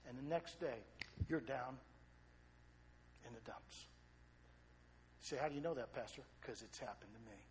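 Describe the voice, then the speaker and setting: Male pastor, sermon, animated, loud bursts then quiet low asides, fairly high voice. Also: a little hiss or hum.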